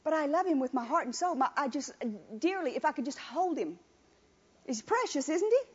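Woman preaching, pretty high voice, dull lo-fi sound, keeps hammering her point. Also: lively intonation, a little fast. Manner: emphatic, repetitive, calls on the congregation. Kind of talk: sermon. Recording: dull lo-fi recording.

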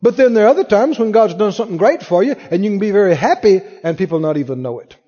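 A man's voice: high-pitched, expressive, fast, warm tone, in a large hall, highs cut off. A man preaching a sermon, telling a personal story and acting out the voices in it.

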